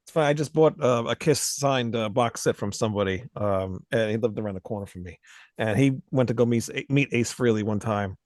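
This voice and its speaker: A man's voice: lowish voice, a little fast, darkish tone, no room sound, studio quality. A male interviewer chatting casually, mostly reacting, then telling a short story. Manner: laid-back, sparse reactions.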